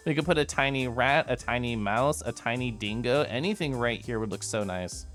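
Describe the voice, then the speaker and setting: A man's voice: mid-range voice, moderate pace, a bit bright, soft background music. Giggly bubbly male streamer. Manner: giggly, bubbly, chatty with many asides. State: tipsy from whiskey earlier. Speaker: streamer recapping VR chat meetups. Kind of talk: casual livestream chat to viewers.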